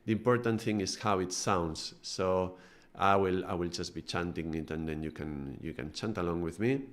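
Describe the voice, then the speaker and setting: A man from Spain, giving a calm live-streamed spiritual talk as a meditation teacher, with frequent hesitations. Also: low-pitched, normal speed.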